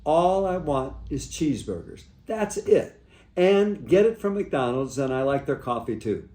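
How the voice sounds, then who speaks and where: A strong-willed elderly mother, plainspoken and insistent, put on lightly by a priest retelling a memory. Her words come slightly higher than his usual voice and ring in an echoey room. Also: animated, a little slow, warm tone.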